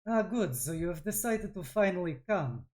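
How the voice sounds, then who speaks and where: A woman's voice: mid-range voice, expressive, takes it slowly. A woman doing a bored, smoky fire genasi boss. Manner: apathetic, languid, thick foreign-sounding accent.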